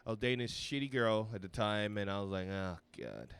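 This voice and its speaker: Animated storytelling man in his thirties. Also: brisk, slight background noise. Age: 30s. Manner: animated, swearing, acts out quotes in a high voice. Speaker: podcast guest, comedian. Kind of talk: casual storytelling chat.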